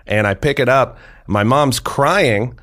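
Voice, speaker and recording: A man in his thirties telling a personal story in a loose, rambling way, full of fillers and quick laughs. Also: medium pitch, a bit bright. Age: 30s. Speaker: podcast guest. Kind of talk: casual storytelling.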